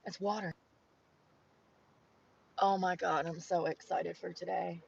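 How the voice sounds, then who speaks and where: A young woman from North Carolina with a Southern accent, chatting excitedly and swearing as she films herself outdoors on a phone. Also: on the low side, slow pace, creaky, husky, highs cut off. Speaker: IRL streamer. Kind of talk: casual outdoor vlog chatter. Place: outdoors on a coast.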